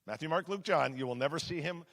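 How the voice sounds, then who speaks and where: A pastor preaching a sermon to his congregation in a conversational, emphatic way, swinging between loud and hushed. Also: fairly high pitch, fast talker, vocal fry. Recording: long hall reverb.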